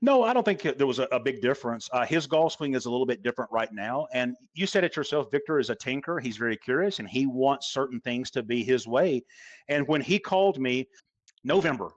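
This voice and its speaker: A man's voice: mid-range voice, lively intonation, a little fast, dry recording, lo-fi sound. A man speaking as a golf instructor guest on a podcast, talking casually and hammering points home by repeating them. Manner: emphatic, repeats points for stress.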